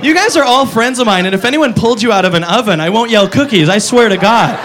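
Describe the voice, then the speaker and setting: A man doing a stand-up comedy set on a club stage, profane and incredulous, with quick asides to the audience. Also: high-pitched. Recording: live club recording with audience noise. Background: audience laughter.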